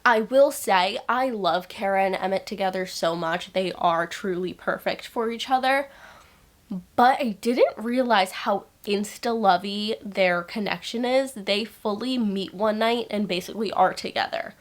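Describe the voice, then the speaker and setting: A young woman chats casually to camera about her reading, her voice sitting at an ordinary middle pitch. She gushes with quick bursts of excitement and keeps the tone loose and friendly. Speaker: book vlogger. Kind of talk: casual reading vlog chat.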